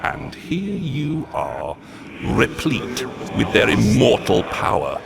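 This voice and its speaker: Legion, gravelly sneering demon. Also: male voice, mid-range voice, wildly swooping pitch, slow pace, crowd noise, heavily acted. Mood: triumphant. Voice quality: gravelly, theatrical, mocking. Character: malevolent demonic entity, sneering male overlord. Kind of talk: video game cutscene.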